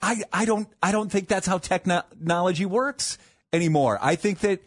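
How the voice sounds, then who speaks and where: A man's voice: high-pitched, moderate pace. A man hosting a radio morning show, talking casually with jokes and rambling asides. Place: radio studio.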